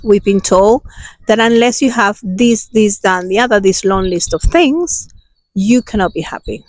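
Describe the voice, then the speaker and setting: A woman's voice: medium pitch, darkish tone, no echo, low-quality recording. A woman hosting a self-healing talk, guiding a meditation and then speaking emphatically about inner awareness, recorded outdoors. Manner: slow, soothing and emphatic. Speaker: self-healing channel host. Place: outdoors with passers-by.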